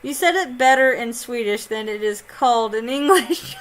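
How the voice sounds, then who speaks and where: A woman's voice: fairly high pitch, animated, normal speed, few pauses. A woman from Indiana, chatting casually on a live stream while she plays a game, reading chat aloud and laughing often. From Indiana, United States.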